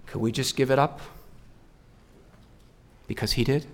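A man preaching a sermon, swinging between raised, rising questions and hushed, low emphasis, often correcting himself and repeating words. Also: fairly even intonation, measured pace.

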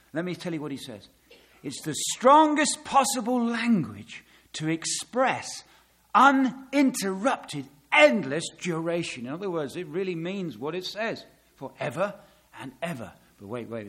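A middle-aged man preaching a sermon, dramatic, swelling loud on key words and dropping to a hush. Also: mid-range voice.

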